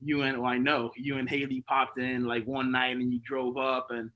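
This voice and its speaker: A man's voice: medium pitch, normal speed, poor audio. A man speaking at a memorial gathering, telling casual stories full of slang and fillers, laughing often and acting out the dialogue. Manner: animated, laughing storyteller who acts out dialogue. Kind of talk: spoken storytelling speech.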